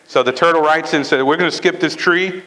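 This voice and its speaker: A man giving a motivational talk at a sales training event, telling a fable in a lively way and often checking in with the audience. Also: fairly high pitch, a little fast, poor audio. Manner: lively storytelling, checks in with "right?" and "okay?".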